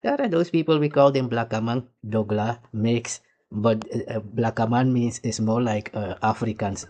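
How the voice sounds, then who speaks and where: A man from Suriname with a Surinamese accent gives heated reaction commentary in a fairly low voice. He lectures, repeats himself and keeps pressing the listener to understand. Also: expressive, normal speed, a little mellow. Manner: heated, lecturing, repeats "you see" and "nigga". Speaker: commentator reacting to archive clips.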